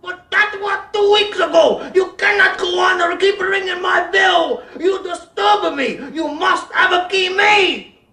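An actor playing a flustered, put-upon landlord who shouts in broken phrases. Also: male voice, extremely high pitch, a little slow, exaggerated voice. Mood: agitated.

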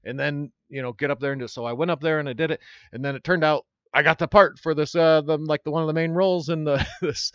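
A man's voice: a little high, quick pace, clean tone, no echo. Rambling male comedian with a dull sound. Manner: rambling, loose and animated, lots of fillers. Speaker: comedian guest. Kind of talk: casual storytelling chat.

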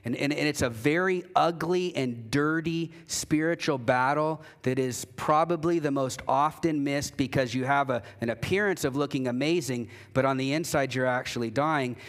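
A pastor preaching a sermon in a church, talking conversationally and emphatically, acting out quoted voices, with frequent restarts. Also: male voice, medium pitch, normal speed, few pauses. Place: church sanctuary.

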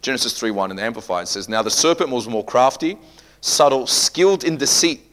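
A man preaching a sermon, asking repeated rhetorical questions and swinging from quiet, low passages to loud, emphatic peaks. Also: expressive, a little fast. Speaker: pastor.

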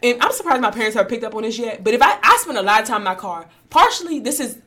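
A young adult woman co-hosting a casual faith podcast, animated and chatty, laughing often. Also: fairly high pitch, racing. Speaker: podcast co-host.

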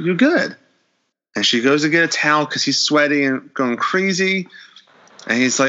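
A man in a casual podcast chat, retelling a horror episode with animated storytelling and acting out the characters' lines. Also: fairly high pitch, a little fast, muffled recording.

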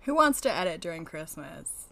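A woman's voice: fairly low pitch, very animated, normal speed, creaky, sharp tone. A woman co-hosting a casual podcast, teasing and blunt, swearing casually as she chats. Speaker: podcast co-host. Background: dog whining.

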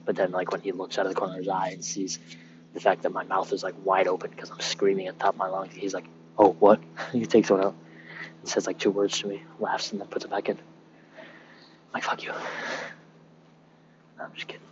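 A man's voice: low-pitched, monotone, fast, highs cut off, background noise. A young man, a sailor, rambling casually and cursing freely as he wanders outdoors on a military base. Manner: rambling, loose and profane. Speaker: sailor recording a podcast. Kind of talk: casual rambling monologue while walking.

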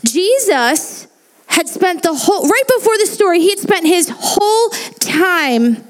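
A woman in her forties preaching a sermon in a lively, joking way, asking the congregation questions. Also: very high-pitched, unhurried. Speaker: pastor. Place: church hall.

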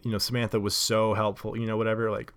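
A man with a somewhat low voice talks through a casual solo monologue. He rambles, stacks up fillers and restarts, and laughs at himself along the way. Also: level tone, quick pace. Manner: rambling, lots of likes and self-corrections, laughs often. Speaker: podcast host.

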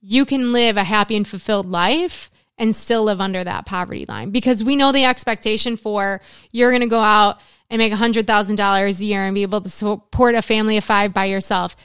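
A woman's voice: medium pitch, fairly quick, hardly any pauses, fairly bright tone, smooth, dry recording, clean studio sound. A middle-aged woman in casual conversation, talking earnestly about the mothers she works with, often in long spoken lists. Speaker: guest, works with mothers in recovery.

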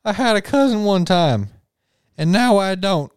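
A man voicing a nervous teenage boy who works a sandwich counter in an improvised comedy role-play, high and jittery. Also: animated, a little slow, clean tone. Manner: high, jittery and eager to please.

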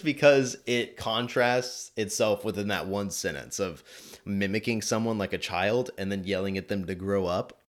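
A man's voice: fairly low pitch, moderate pace. A man hosting a casual podcast, rambling and correcting himself as he talks. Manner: animated, rambling, self-correcting. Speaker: podcast host. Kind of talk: casual chat.

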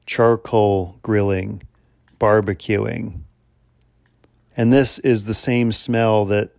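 A man hosting a faith podcast as a former chaplain, retelling a scripture story in an earnest, measured sermon style with rhetorical questions. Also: lowish voice, gravelly, a little mellow, no room sound, studio quality. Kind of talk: reflective spoken sermon.

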